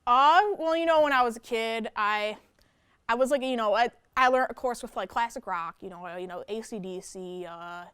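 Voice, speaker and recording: Young woman metal musician in a radio interview, rambling and casual, with a smooth voice. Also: on the high side, normal speed, fairly bright tone, no room sound, clean studio sound. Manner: rambling, full of "like" and "you know". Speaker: death metal guitarist and vocalist. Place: campus radio studio.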